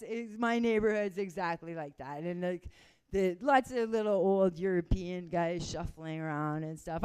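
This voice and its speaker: A woman's voice: on the low side, darkish tone, clear, resonant tone. A young Canadian woman doing a casual, rambling stand-up set, chuckling at her own stories. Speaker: stand-up comedian.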